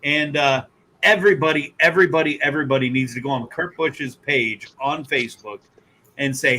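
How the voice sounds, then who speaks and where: A man hosting a casual podcast, telling stories and teasing his guests loudly. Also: a little high, normal speed, a little hiss or hum, poor audio. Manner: loud, joking storyteller who teases guests. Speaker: podcast host.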